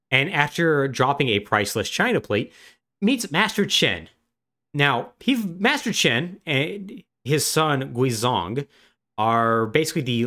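A man co-hosting a podcast, retelling a game's story in animated, casual chat full of "like". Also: a little high. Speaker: podcast co-host.

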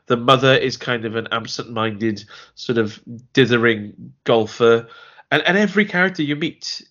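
A man's voice: mid-range voice, moderate pace, a bit bright. Rambling man on a muffled mic. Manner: rambling, restarts often, acts out quoted lines. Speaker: podcast co-host. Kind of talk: casual chat reviewing a TV series.

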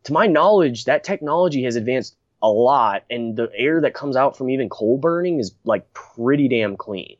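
A man's voice: medium pitch, lively intonation, moderate pace, hardly any pauses, no room sound. A young man hosting a casual podcast chat, rambling and blunt, laughing often and restarting his sentences. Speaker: podcast host. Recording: dry, dull lo-fi recording.

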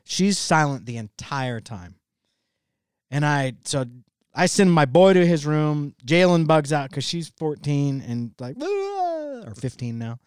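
A man's voice: fairly high pitch, unhurried, smooth, dry recording, studio quality. A man in his forties telling a family story on a podcast, acting out the dialogue and laughing as he goes. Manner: animated storyteller who acts out quoted dialogue; laughs through his own stories. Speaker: podcast co-host or guest. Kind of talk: casual podcast chat.

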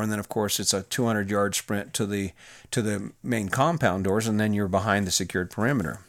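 A man's voice: mid-range voice, a bit bright, no echo, clean studio sound. A middle-aged man, a former prison officer, telling a personal story in a candid, plain-spoken way with restarts and fillers.

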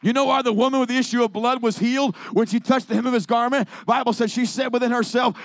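A male evangelist preaching a sermon, moving from hushed storytelling to shouted exhortation. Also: very high-pitched, steady tone, fast, hardly any pauses, dry recording.

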